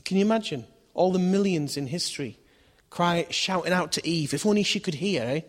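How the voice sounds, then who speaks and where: A man's voice: high voice, expressive, fairly quick. Conversational preacher man in a reverberant hall. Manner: conversational, asks the audience questions, acts out voices in stories. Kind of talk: sermon.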